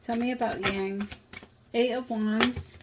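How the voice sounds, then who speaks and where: A woman's voice: a little high, steady tone, takes it slowly, very noisy. Chatty woman doing a tarot reading. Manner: emotional, chatty, swears casually. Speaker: tarot reader.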